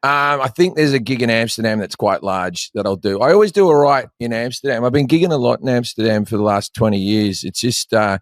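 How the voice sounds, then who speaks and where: A man's voice: medium pitch, expressive, a little fast, few pauses, dry recording, clean studio sound. A man in his forties with an Australian accent, a comedian rambling through stories in casual chat and swearing freely. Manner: profane, storytelling, rambling. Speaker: comedian guest.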